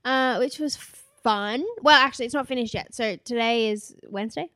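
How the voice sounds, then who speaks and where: A young woman chats as co-host, her voice sitting high and bubbly. She laughs often and swears freely. The sound is dry and close. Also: moderate pace, sharp tone, dry recording. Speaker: podcast co-host. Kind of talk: casual chat.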